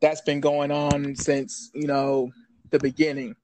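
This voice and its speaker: A man co-hosting a sports podcast, talking in a thoughtful, unhurried way with many fillers. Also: on the high side, little pitch movement, darkish tone, slight background noise, rough recording. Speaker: podcast co-host.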